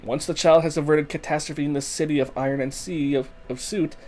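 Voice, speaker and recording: A man's voice: a little high, fairly even intonation, brisk, a little mellow, natural voice. A man doing a playful Italian-accented Da Vinci. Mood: guiding. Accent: put-on Italian. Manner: stereotyped Italian lilt, playful. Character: Da Vinci, cheerful female genius guide. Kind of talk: fan voicing of a game's story text.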